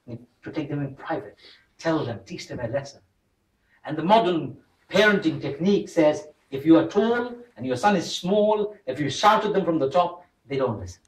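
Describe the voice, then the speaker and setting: A man giving a religious talk as an imam to a congregation in a mosque hall, telling stories with humor and acting out the voices he quotes. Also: fairly high pitch. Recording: roomy hall, voice from a distant mic.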